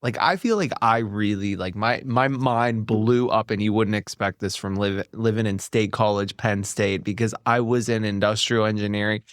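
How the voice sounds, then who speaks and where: A man's voice: fairly low pitch, no echo. Man, thirties, podcast host, enthusiastic, casual chat, dry close mic. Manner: enthusiastic, laughs and gasps often, quick reactions.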